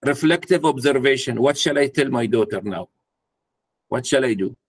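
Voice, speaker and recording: A man's voice: mid-range voice, normal speed, breathy edge. A man speaking to a live audience at a mentoring workshop, putting questions to the room and acting out a parent talking to a child. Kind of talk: interactive workshop talk.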